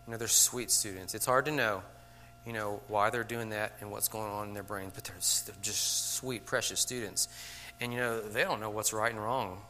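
A man's voice: fairly low pitch, fairly even intonation, normal speed, sharp tone, a little hiss or hum. A man giving a conversational lecture to teachers, checking in with "okay?" after many points and acting out classroom scenes. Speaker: teacher trainer.

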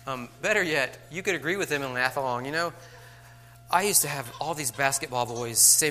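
A man's voice: medium pitch, fairly quick, pushed and bright, a little hiss or hum. A man giving a casual, joking workshop talk to fellow teachers, acting out what students say. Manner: joking, conversational, acts out students' lines. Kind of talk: casual lecture.

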